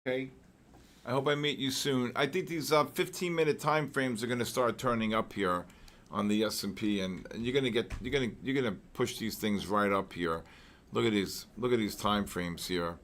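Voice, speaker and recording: A trading show host gives live market commentary during a trading session, speaking at normal speed in a medium-pitched, slightly bright voice. He rambles, repeats words, throws in exclamatory asides, and clears his throat frequently.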